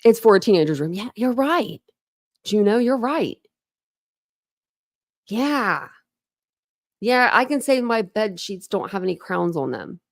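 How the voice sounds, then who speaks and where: A woman's voice: mid-range voice, big pitch swings, unhurried, long pauses, dry recording. A woman rambles through her true crime commentary in a chatty, teasing way. Her voice sits in a middle range, and the sound is close and dry, with almost no room around it. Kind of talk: casual reaction commentary.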